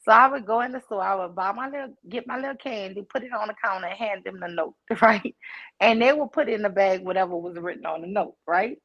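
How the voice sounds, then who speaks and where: Speaking quickly at medium pitch, a New Orleans woman tells a personal story to a casual group call. She addresses everyone as "y'all" and animatedly acts out the voices, with dull lo-fi audio from her online call device.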